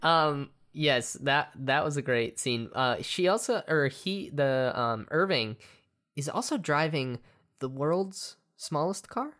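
Very low-voiced young woman chatting. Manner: relaxed, halting, laughs a lot. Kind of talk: casual chat about a film.

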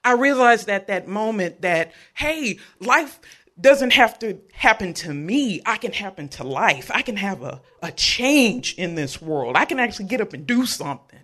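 Man, 30s, live storyteller, high-pitched, bright, animated, playful with audience. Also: normal speed. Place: live event venue.

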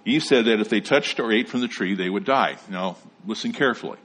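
A pastor with a somewhat low, husky, fairly bright voice delivers a sermon. He teaches in a measured way, reading scripture passages aloud between explanations.

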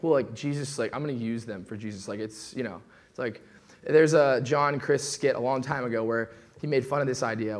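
A young adult man preaching a sermon in a relaxed, conversational way, full of asides and quick acted-out quotes. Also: medium pitch. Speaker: pastor.

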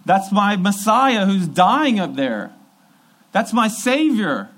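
A preacher acting out a stunned, heartbroken follower who stretches each word into a high, grieving cry. The voice sits well above a plain speaking pitch. It is loud and slow with anguish. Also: male voice, sing-song, heavily acted. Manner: raised, drawn-out cries.

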